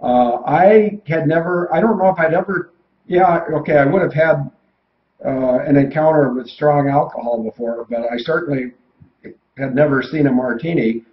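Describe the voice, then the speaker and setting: A man's voice: on the high side, moderate pace, roomy sound, lo-fi sound. An older man, a retired pilot and co-host, telling rambling anecdotes in casual chat.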